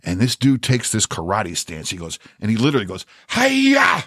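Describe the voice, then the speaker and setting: A man's voice: on the low side, quick pace, no echo, studio quality. An older man, a podcast co-host, telling a story in casual, profane talk and acting out the voices. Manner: profane, animated storyteller who acts out voices.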